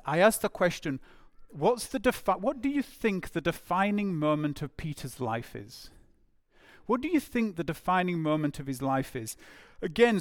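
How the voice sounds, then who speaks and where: A man's voice: high-pitched, fairly bright tone, no echo, studio quality. A man preaching a sermon in a conversational way, asking the listeners questions and voicing imagined speakers.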